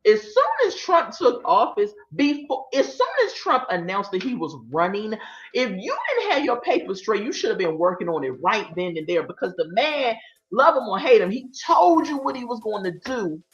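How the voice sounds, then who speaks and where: A woman's voice: a little high, very animated, moderate pace. A woman, hosting a casual livestream, sassy and chatty, talking straight to her viewers. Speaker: livestream host. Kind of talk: casual commentary chat. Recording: roomy, dull lo-fi sound. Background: faint light music.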